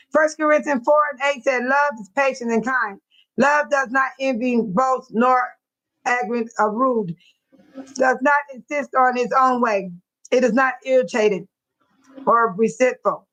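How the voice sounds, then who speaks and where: A woman's voice: fairly high pitch, a bit bright, low-quality recording. A woman hosting a casual livestream, chatting straight to her viewers and reading out their comments. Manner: chatty, talks straight to chat, reads viewer comments aloud. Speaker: livestream host.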